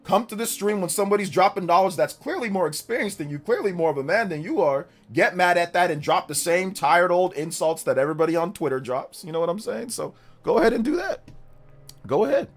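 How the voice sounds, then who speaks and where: A man's voice: high voice, lively intonation, brisk. A middle-aged man streaming live, combatively mocking viewers in his chat and laughing them off.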